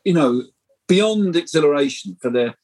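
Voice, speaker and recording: A middle-aged man telling animated, rambling stories as a guest in a casual podcast interview. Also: fairly high pitch, normal speed, slight background noise, poor audio. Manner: animated, rambling anecdotal storytelling. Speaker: guest screenwriter.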